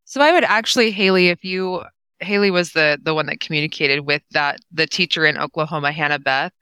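A woman guest in a casual interview, easygoing and quick to laugh. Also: sits low, sharp tone, clean tone, dry recording. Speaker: guest, nonprofit co-founder.

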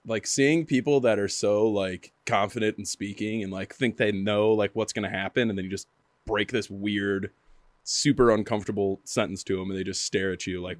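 A man's voice: lowish voice, steady tone, normal speed, dry recording. A man from Michigan in a casual chat, laughing often and packing his sentences with "like". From Michigan, United States.

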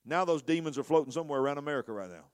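A man preaching a passionate sermon, swinging between hushed, intimate lines and loud, rising storytelling. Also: fairly high pitch, lively intonation, rapid-fire. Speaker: pastor.

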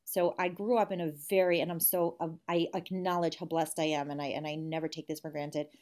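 A woman's voice: deep voice, flat delivery, a little fast, a little mellow. Reflective woman in her forties. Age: 40s. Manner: reflective, candid, frequent restarts. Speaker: guest speaker and author. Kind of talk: conversational interview.

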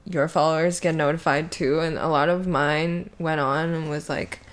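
A woman's voice: low-pitched, fairly even intonation, normal speed. A young woman co-hosting a podcast in casual chat, laughing often and trailing off mid-sentence. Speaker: podcast co-host.

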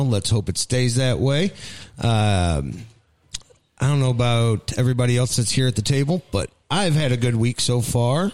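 A man with a smoker's voice hosting a talk show. His voice sits at an ordinary middle pitch. He rambles warmly through introductions and jokes with his co-host. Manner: joking, rambling, affectionate banter. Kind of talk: casual chat.

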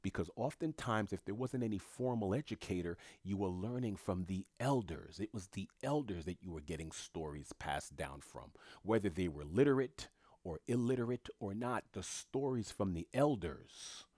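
A man's voice: low voice, lively intonation, unhurried, a little mellow, dry recording, clean studio sound. A man giving an opinion monologue, lecturing, firing off rhetorical questions and answering them himself with emphatic repetition. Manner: emphatic repetition, punchy short phrases. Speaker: commentator.

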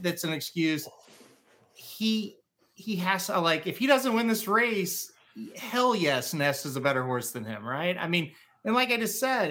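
A man's voice: high voice, bright, forceful tone. A man co-hosting a racing podcast, emphatic and fond of "like" and "I mean". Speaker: podcast co-host. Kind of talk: casual podcast chat.

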